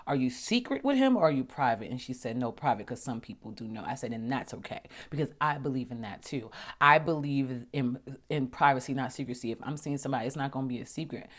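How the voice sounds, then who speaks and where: A woman with a notably low-pitched voice hosts her own podcast and talks through her experiences in a casual, storytelling way. She gets animated when she acts out conversations, then drops into soft, near-whispered murmurs when she turns reflective. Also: quick pace. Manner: chatty, animated, acts out dialogue with big pitch jumps. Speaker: podcast host.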